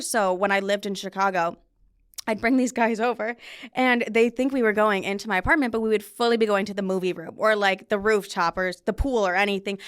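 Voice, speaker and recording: A woman's voice: medium pitch, a bit bright, smooth. A young woman in her twenties hosting a podcast from a studio, telling a story in a candid, profane, self-mocking way. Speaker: podcast host. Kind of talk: casual storytelling chat. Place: recording studio.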